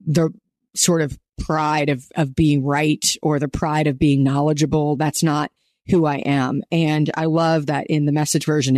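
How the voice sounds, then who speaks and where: A woman's voice: low-pitched, dark tone, dry recording, clean studio sound. A woman hosting a podcast, teaching a Bible lesson in a conversational, earnest way, often adding "like" and "right?".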